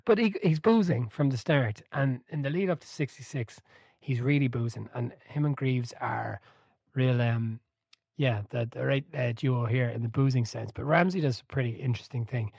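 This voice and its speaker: A man co-hosts a relaxed podcast chat about a football biography, with a voice in the usual middle range for a man. He tells stories with energy, laughing as he goes and swearing now and then. The sound is dry and close, with no room to it. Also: mid-range voice, moderate pace, gravelly, husky, no room sound. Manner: animated storyteller, swears, laughs mid-sentence. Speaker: podcast co-host.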